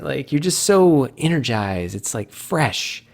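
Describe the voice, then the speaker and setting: A man's voice: very animated, measured pace, gravelly. A man hosting a casual solo video chat for a game community, rambling and correcting himself, playful with made-up words. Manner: acts out fans' reactions with sudden pitch jumps.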